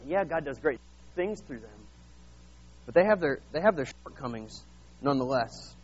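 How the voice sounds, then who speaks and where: A man preaching a sermon, retelling Bible scenes in a lively, casual way and acting out the characters. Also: mid-range voice, moderate pace, slightly rough, highs cut off. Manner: animated, acts out Bible scenes in casual voices. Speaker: pastor.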